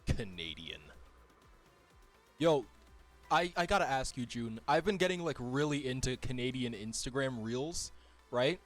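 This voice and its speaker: A man's voice: mid-range voice, unhurried, long pauses, faint music behind. A man streaming a racing game, chatting casually and joking with viewers. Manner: animated, laughs often, jokey chatter with viewers. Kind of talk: casual gaming stream chat.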